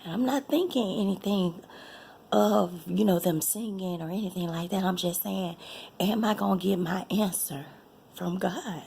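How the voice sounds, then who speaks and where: A woman tells a personal story, repeating herself and often sinking into a breathy whisper. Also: mid-range voice, normal speed, mellow, a little hiss or hum. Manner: emotional, repeats phrases, drops to a breathy whisper. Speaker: vlogger sharing a personal testimony.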